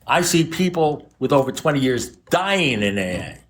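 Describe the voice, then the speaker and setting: A man's voice: medium pitch, sing-song, normal speed. A man in his seventies speaking to a recovery group, blunt and profane, mixing warnings with jokes. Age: 70s. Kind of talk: recovery meeting talk. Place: recovery meeting room with a group.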